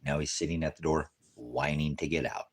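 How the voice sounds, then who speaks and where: A man's voice: rumbling low, steady tone, a little fast. A man, a preacher, talking casually to his viewers from a farmhouse, rambling between warnings and baby talk to his cat.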